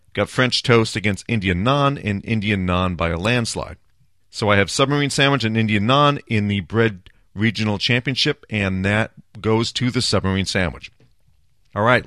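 Host: man, low voice, dry close sound, chatty and decisive. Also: fairly bright tone, no room sound. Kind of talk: casual solo talk, playing a food bracket.

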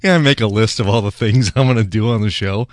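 Guy w a lowish voice doing a beer tasting show, rambly n self-mocking, real dry close sound. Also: quick pace, no echo. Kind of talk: casual solo beer-tasting talk.

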